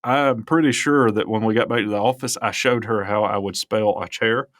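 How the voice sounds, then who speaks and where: Low-voiced Alabama man telling stories. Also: fairly even intonation, moderate pace, fairly bright tone, dry recording, clean studio sound. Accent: Southern US, Alabama. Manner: rambling, chuckling storyteller. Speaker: podcast co-host, professor. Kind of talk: casual storytelling.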